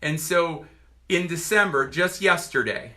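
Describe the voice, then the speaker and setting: A man in his forties from Virginia, a doctor giving a personal testimonial to camera in an earnest, halting way with many restarts. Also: fairly high pitch, bright, forceful tone. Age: 40s.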